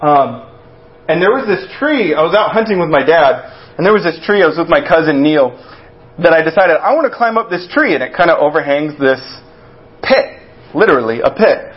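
Male preacher, slightly high voice, loose storytelling delivery, dull recording. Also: lively intonation, moderate pace. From Texas. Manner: conversational and storytelling, with many restarts and acted-out quotes. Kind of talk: sermon.

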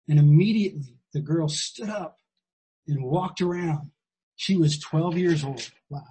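Husky, fairly high-voiced man preaching; conversational and emphatic, repeats key lines. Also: darkish tone, rough recording. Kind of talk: sermon.

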